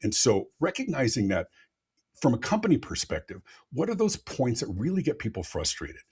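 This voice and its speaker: A man's voice: medium pitch, normal speed, slightly rough. A man speaking as a customer experience expert on a live podcast, telling stories with lots of energy and often repeating words as he starts a thought, heard over a remote call. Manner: animated, repeats words when starting sentences. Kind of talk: live podcast interview storytelling.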